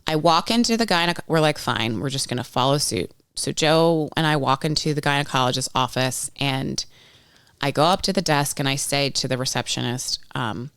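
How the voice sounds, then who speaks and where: A low-pitched woman in her thirties tells her story frankly on a podcast, swearing freely and slipping into the voices of the people she quotes. Her voice is smooth and clean. It is recorded dry and close, with no room sound. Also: normal speed, a bit bright, no echo. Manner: frank, swears freely, acts out others' lines. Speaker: podcast guest. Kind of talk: candid storytelling chat.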